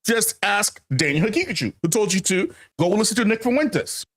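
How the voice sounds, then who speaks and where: A man's voice: high voice, very animated, normal speed. A man hosting a casual commentary monologue, emphatic and repetitive, calling his viewers family and laughing often. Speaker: channel host.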